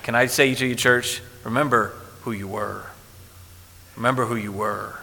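A male pastor preaching a sermon in a church, quoting old scripture and swinging from hushed passages to loud ones. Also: mid-range voice, steady tone, moderate pace, vocal fry. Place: church sanctuary. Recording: echoey hall with faint hiss.

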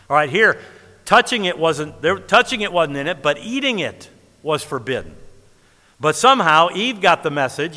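A man preaching with a bright, forceful, slightly higher voice. He is emphatic and animated and quotes scripture in old-fashioned English. His voice rings through a big hall with a long echo. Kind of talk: sermon.

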